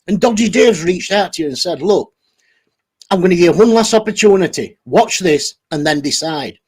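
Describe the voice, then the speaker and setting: A man's voice: high voice, a little mellow, breathy edge. A man ranting angrily on a livestream, swearing heavily and over-caffeinated. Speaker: channel host reading live chat. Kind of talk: angry livestream rant.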